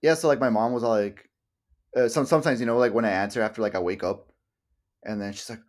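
A young man talking loosely on a podcast, stringing thoughts together with "like" and casual swearing. He slips into quoted voices as he tells a story. His pitch sits in an ordinary middle range. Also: fast. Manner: rambling, full of "like", swears casually, acts out quotes. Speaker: podcast co-host. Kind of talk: casual chat.

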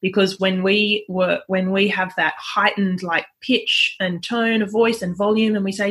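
A woman, a parenting coach speaking in a relaxed interview, chatty and laughing often. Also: mid-range voice, a little slow, few pauses. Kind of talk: conversational interview.

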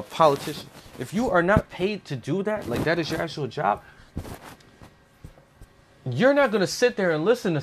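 A man's voice: sits high, a little hiss or hum. Man ranting heatedly, swearing constantly. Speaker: commentator. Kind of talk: profane opinion rant.

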